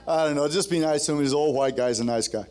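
A man's voice: fairly high pitch, rapid-fire, a little mellow, clean tone. A man preaching a sermon at a men's gathering, telling a story and then building to fervent, rousing exhortation with joking, conversational asides.

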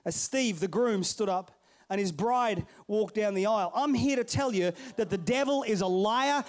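A middle-aged male pastor telling a story in a sermon, playful and animated, calling out to his congregation. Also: high voice, normal speed, a little hiss or hum.

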